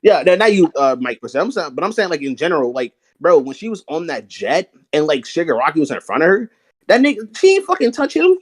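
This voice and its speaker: A man co-hosting an anime podcast, excitedly explaining powers with hypotheticals and slang. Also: on the high side, fairly quick, no echo. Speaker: podcast co-host. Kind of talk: casual chat about anime.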